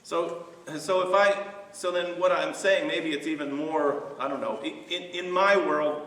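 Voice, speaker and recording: Male pastor, slow and halting, bright tone, mic set far off in a reverberant church. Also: on the high side, fairly even intonation. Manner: halting, many fillers and restarts. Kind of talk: Bible study discussion. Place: church sanctuary.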